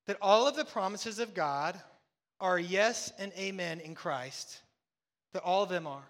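A male pastor preaches with emphatic, rhetorical force, firing questions and answering them himself. His voice sits high and sounds bright, carried by the long reverb of a large hall. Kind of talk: sermon.

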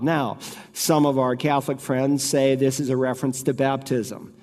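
A man's voice: medium pitch, steady tone, darkish tone. Preaching man in a reverberant hall. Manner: earnest preaching with emphatic slowed phrases. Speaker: pastor. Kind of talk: sermon.

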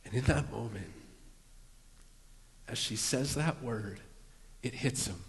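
A man delivers a sermon from the pulpit, earnest and deliberate, his voice falling to a near hush on key phrases. His pitch sits in an ordinary middle range. A long reverb trails every line, as if he stands in a big hall. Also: gravelly. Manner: earnest preaching, dropping to a hush for emphasis. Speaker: pastor.

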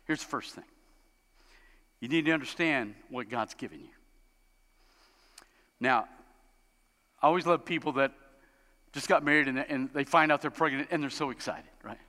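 A man preaching a sermon as a pastor, animated and storytelling, acting out the people he describes. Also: moderate pace, long pauses. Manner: animated, acts out quoted parents in high voices. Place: church sanctuary. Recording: long hall reverb.

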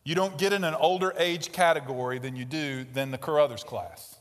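A man's voice: fairly high pitch, fairly quick, big-room sound. A man in his fifties, a pastor preaching an expository sermon, emphatic and repeating key phrases for stress.

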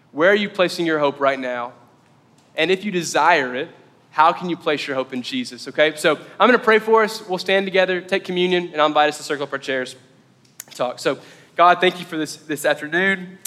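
Bright-voiced pastor in an echoey hall. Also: male voice, on the high side, fairly quick. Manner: casual and chatty, heavy with "like". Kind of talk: conversational sermon.

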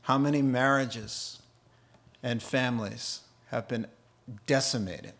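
A middle-aged man preaching a sermon, animated and often laughing as he mimics accents to make his point. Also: mid-range voice, takes it slowly, creaky. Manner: animated, laughing, putting on funny accents for examples. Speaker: pastor.

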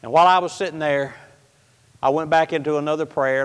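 Preacher guy telling a story, highish voice, folksy, loud then real quiet, big hall echo. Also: fairly quick, clean tone. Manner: folksy, animated, swings between loud and hushed. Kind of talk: sermon storytelling. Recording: hall reverb.

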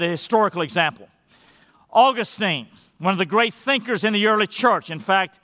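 A man preaching a sermon as pastor in a church, emphatic, drawing out key phrases slowly and restarting his sentences. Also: high-pitched, bright, forceful tone. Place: church sanctuary. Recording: long reverb of a large hall.

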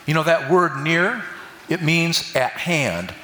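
A man's voice: fairly high pitch, sing-song, slow pace, pushed and bright. An older man giving a folksy sermon with jokes and call-and-response with the congregation. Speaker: preacher. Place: church hall. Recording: echoey hall from a distance.

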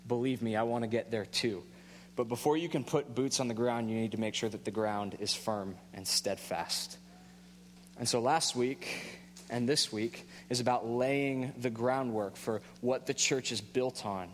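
A man's voice: mid-range voice, a little slow, a little hiss or hum. Man preaching conversationally in a reverberant hall. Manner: conversational storytelling with self-deprecating humor. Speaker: pastor. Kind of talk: sermon.

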